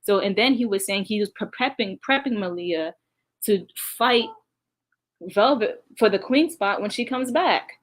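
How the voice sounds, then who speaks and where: A woman's voice: medium pitch, animated, measured pace. Woman vlogger sighing through a recap. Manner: emotional, sighing, talks straight to viewers. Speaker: vlogger recounting past events. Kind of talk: casual reaction commentary.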